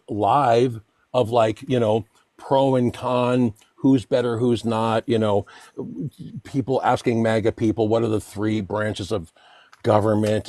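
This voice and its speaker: A man on a livestream, rambling through a story with plenty of restarts and laughs as he talks. His voice sits at a middle pitch and the recording is close and dry. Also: dark tone, no echo. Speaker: guest. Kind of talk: casual storytelling.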